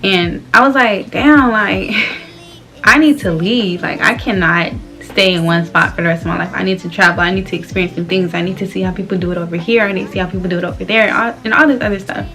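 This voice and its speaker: A woman's voice: lowish voice, fairly even intonation, fast, hardly any pauses, pushed and bright, faint music behind. A young woman in her twenties from Florida, talking candidly and loosely with slang and frequent laughs while doing her hair for a vlog. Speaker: vlogger.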